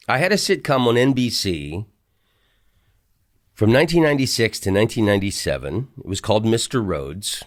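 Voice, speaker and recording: A middle-aged man from the United States hosting a podcast, telling rambling stories with asides and restarts from a hotel room. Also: lowish voice. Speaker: podcast host. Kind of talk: casual storytelling monologue.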